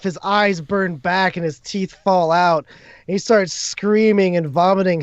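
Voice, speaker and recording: A game master with a slightly raised voice narrates a tabletop battle in vivid, gory detail. The sound is dry and close, but dulled by muffled lo-fi audio. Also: male voice, high voice, dry recording.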